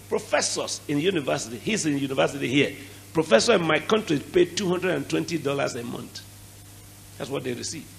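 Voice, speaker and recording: A middle-aged man with a Nigerian accent preaching a sermon, animated, with sudden shouted bursts and dramatic drops in volume. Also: on the high side, creaky, a little hiss or hum, rough recording. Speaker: archbishop.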